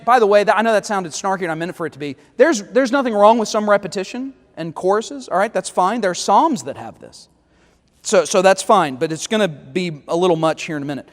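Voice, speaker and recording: High-pitched guy teaching bible study, snarky asides, echoey church hall. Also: expressive, quick pace. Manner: wry, critical, reads lyrics aloud with sarcastic asides. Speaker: pastor leading Bible study.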